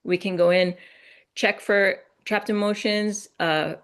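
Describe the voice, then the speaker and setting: A woman explaining energy healing on a video call in a gentle, reassuring, unhurried way. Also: medium pitch, fairly even intonation, clear, resonant tone. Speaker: guest energy healer. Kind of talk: casual explanation on a live call.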